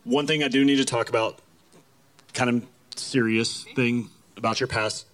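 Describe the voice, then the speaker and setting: A man's voice: mid-range voice, fairly even intonation, moderate pace, a bit bright. Upbeat male radio host interviewing. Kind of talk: casual on-air interview.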